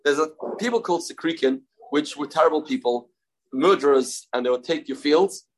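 Casting note: a man as a Talmud teacher with a Yeshivish accent, animated delivery, fairly high voice, keeps repeating phrases for emphasis. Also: fairly quick, rough recording. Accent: Yeshivish English. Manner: animated, repeats phrases, asks and answers questions. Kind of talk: daily Talmud lesson.

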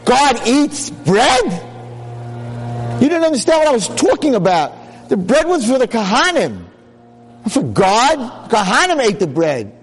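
A man voicing an angry synagogue rabbi who shouts and scolds. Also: high voice, huge pitch swings, normal speed, creaky, hardly any pauses, faint music behind, pitched above the performer's own voice, heavily acted. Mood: furious.

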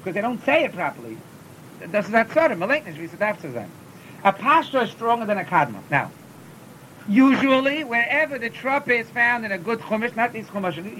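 A teacher of Torah cantillation leads a lesson, tripping over and repeating words while interjecting short chanted demonstrations. The recording is rough, with a faint rumble below his sharp-toned voice.

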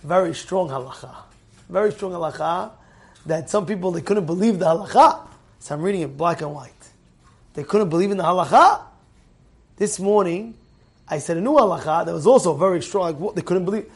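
Male rabbi, very high voice, emphatic repetitive preaching style with loud bursts and hushed asides. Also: expressive, fairly quick, husky. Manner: emphatic, repeats phrases, swings between loud exclamations and quiet asides. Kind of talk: animated Torah class sermon.

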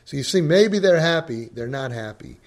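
A man's voice: on the high side, lively intonation, moderate pace. A man giving a religious lecture as a parenting coach, emphatic and acting out the voices he quotes.

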